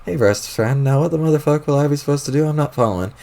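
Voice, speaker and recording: A man voicing a menacing, unhinged male troll clown, with a slow, lowered, sinister drawl while reading a webcomic aloud on stream. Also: gravelly, warm tone. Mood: dopey.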